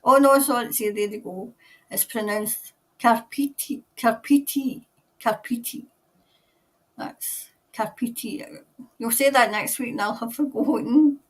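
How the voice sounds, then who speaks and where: Chatty Scottish woman, a bit high. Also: normal speed, a bit bright, distant mic. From Scotland. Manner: chatty and rambling, laughs often, greets viewers by name. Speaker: tarot reader hosting a live stream. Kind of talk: casual live-stream chat with viewers.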